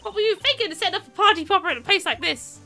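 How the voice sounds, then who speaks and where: A woman voicing a brash young female photographer with a British accent, who scolds loudly and snaps back fast. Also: very high-pitched, lively intonation, soft background music, pitched above the performer's own voice, full character voice. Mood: scolding. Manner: loud, scolding, quick to snap back.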